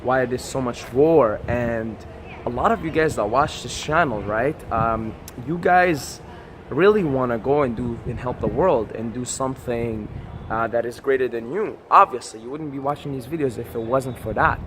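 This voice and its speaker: A man's voice: medium pitch, normal speed, a bit bright. Man vlogger, passionate swearing pep talk, casual, faint street traffic behind. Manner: passionate, profane, repeats "right?". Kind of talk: casual motivational monologue to camera.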